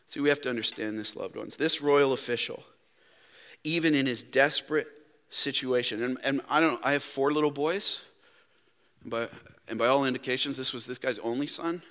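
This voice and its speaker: A young man, a pastor preaching a sermon in a church, talking emphatically and swinging between loud stresses and hushed asides. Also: mid-range voice, moderate pace, long reverb tail. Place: church sanctuary.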